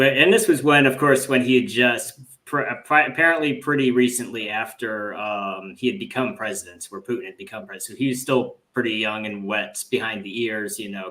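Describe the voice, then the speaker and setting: A man's voice: fairly low pitch, pushed and bright. A man hosting a podcast, talking through politics in a rambling, casual way, with many fillers and restarts. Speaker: podcast host.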